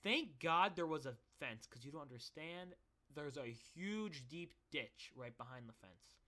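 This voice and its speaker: A man's voice: on the high side, lively intonation, unhurried, bright, forceful tone. A young man telling a personal story in a casual, rambling way, swearing and restarting often. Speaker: vlogger.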